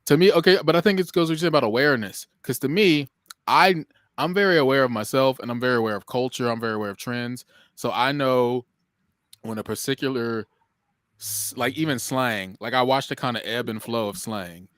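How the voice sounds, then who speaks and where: A man's voice: mid-range voice, fairly quick, fairly bright tone, no room sound, studio quality. A man co-hosting a podcast, musing aloud in a rambling way, full of fillers and restarts. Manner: reflective, self-aware musing. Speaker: podcast co-host. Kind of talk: casual podcast chat.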